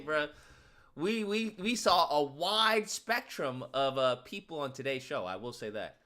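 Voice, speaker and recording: A man's voice: on the high side, lively intonation, measured pace, sharp tone. A man giving casual comedic commentary, slangy and joking, firing off rhetorical questions. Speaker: YouTube commentator.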